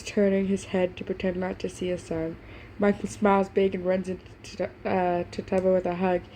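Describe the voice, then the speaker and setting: A woman's voice: fairly low pitch, warm tone, a little hiss or hum, rough recording. A woman reading fan fiction aloud, stumbling over words, doing voices for the characters and stopping now and then to react. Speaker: fanfiction reader.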